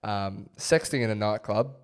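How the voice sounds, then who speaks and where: A man's voice: on the low side, normal speed, clear, resonant tone. A young Australian man co-hosting a podcast, telling stories in casual chat with frequent laughter. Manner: animated storyteller, laughs often. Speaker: podcast co-host.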